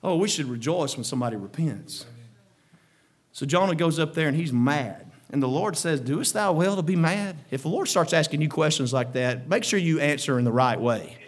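A man preaching a fervent sermon, breaking into shouted exclamations and then dropping to quieter, chuckling asides. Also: a little high, lively intonation, normal speed.

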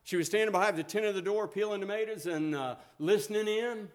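A man's voice: high voice, fast. A middle-aged man preaching a sermon in a folksy, storytelling way, chuckling often as he talks.

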